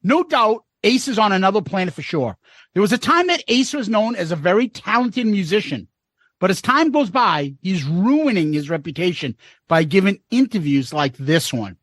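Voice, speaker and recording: Male podcast co-host reading listener mail, lively up-and-down delivery, dry close sound. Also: high-pitched, moderate pace, dry recording. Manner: reads comments aloud with wry asides. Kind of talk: casual podcast chat.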